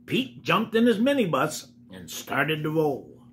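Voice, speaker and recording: A man's voice: a little high, animated, a little slow, slight background noise. An older man reading a picture book aloud to children, breaking off for chatty asides to the kids. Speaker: storybook reader.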